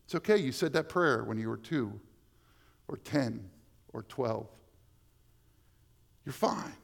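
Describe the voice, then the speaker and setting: A man preaching a sermon as pastor, swinging from hushed, slow lines to loud, emphatic ones. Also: medium pitch, animated, gravelly.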